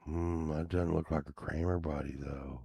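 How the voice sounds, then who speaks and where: A man's voice: rumbling low, steady tone, normal speed, warm tone, slightly rough, no echo. A man rambling casually as he browses items online, grumbling and swearing now and then. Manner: meandering, grumbling asides, occasional swearing. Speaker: vlogger.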